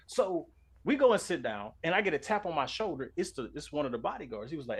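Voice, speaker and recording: Animated high bright-voiced man storytelling. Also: fast, husky. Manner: animated, swears freely, acts out quotes. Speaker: streamer host. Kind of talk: casual storytelling chat.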